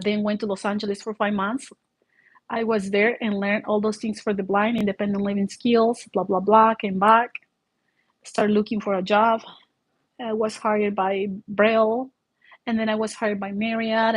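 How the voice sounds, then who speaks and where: A middle-aged woman with a foreign accent, English not her first language, telling her own story in an animated way, full of restarts and fillers. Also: mid-range voice, no echo, poor audio. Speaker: vlogger. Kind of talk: personal storytelling.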